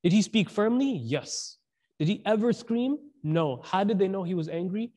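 High-voiced man preaching casually. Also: animated, normal speed, warm tone. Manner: conversational, asks the audience questions, mixes in slang. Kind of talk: sermon.

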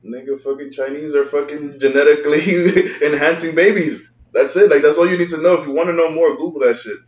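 A man's voice: on the high side, fast, echoey room, highs cut off. A man co-hosting a casual podcast, blunt and profane, laughing often. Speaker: podcast co-host.

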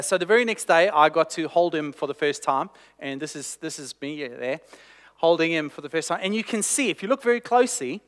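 Guy preaching a sermon, telling stories with a wry joke here and there, highish voice, echoey church hall. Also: a bit bright. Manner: storytelling, self-deprecating humor.

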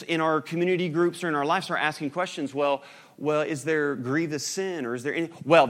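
A man's voice: a little high, a bit bright. Male pastor, conversational sermon delivery, questions to the congregation, light humor.

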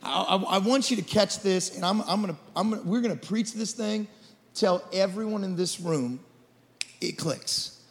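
A man in his forties preaching a sermon as lead pastor, passionate, swinging from shouted declarations to quiet storytelling. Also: high-pitched, moderate pace. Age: 40s. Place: church auditorium. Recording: church hall reverb.

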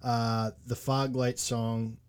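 A man's voice: medium pitch, level tone, slow pace, clean tone, no echo. A man co-hosting a podcast, chatting casually and enthusiastically about a cartoon episode and quoting its lines. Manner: enthusiastic, quotes lines, trails off mid-sentence. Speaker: podcast co-host.

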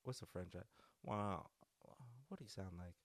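A man hosting a podcast who tells stories casually, rambling and animated, with many restarts. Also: sits low, normal speed, dry recording. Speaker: podcast host. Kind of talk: casual storytelling.

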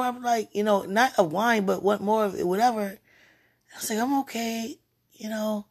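A woman's voice: medium pitch, moderate pace, gravelly, breathy edge. A tipsy woman rambling casually to her viewers, giggling and interrupting herself as she talks. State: tipsy from wine. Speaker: live streamer.

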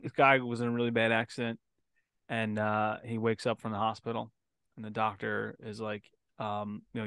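A man co-hosting a podcast, telling crude jokes and reading listener letters with loud laughter and free swearing. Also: lowish voice, little pitch movement, normal speed, clear, resonant tone, no room sound. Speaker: podcast co-host. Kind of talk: crude casual podcast banter.

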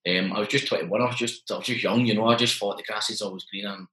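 A young man in his twenties, a guest telling his story in a chatty, animated way and acting out the dialogue. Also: on the low side, quick pace, roomy sound, poor audio. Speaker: interview guest, business owner. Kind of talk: casual storytelling.

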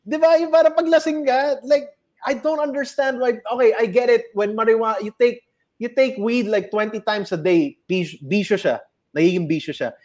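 A young Filipino man with a fairly high voice tells loose, meandering stories in a casual chat. He swears freely and keeps hopping between English and Tagalog. His tone is chatty and unpolished. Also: fairly even intonation, fairly quick, darkish tone.

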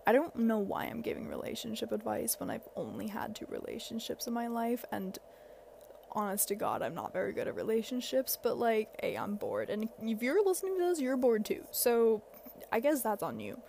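Chatty teenage girl with gravelly fry. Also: a little high, sing-song, moderate pace, mellow, a little hiss or hum. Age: teens. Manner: chatty, rambling, self-deprecating, frequent "like" and "um". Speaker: podcast host. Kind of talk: casual advice podcast.

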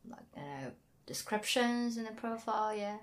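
A woman's voice: medium pitch, animated, normal speed. A woman answering interview questions casually, hesitating often and filling her answers with "like" and "you know".

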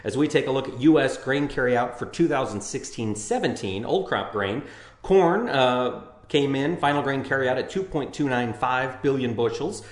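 A man's voice: medium pitch, moderate pace, reverberant. A man co-hosting a farm news talk show, chatting casually and reading grain market figures in a folksy way. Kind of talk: casual radio chat and market report.

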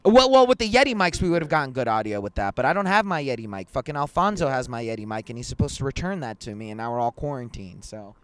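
A young man hosting a casual podcast over a video call, telling stories in an animated, slangy way and swearing a lot. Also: medium pitch, fast talker, hardly any pauses, clear, resonant tone, no echo. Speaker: podcast host. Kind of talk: casual chat.

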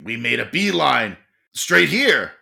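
Brief: playful, gravelly game master narrating a tabletop game. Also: mid-range voice, big pitch swings, slow. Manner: playful, laughing often.

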